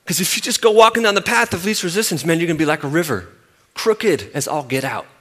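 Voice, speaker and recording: A man voicing a big, loud, eccentric basketball coach with a thick Southern accent, booming folksy warnings. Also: animated, fast talker.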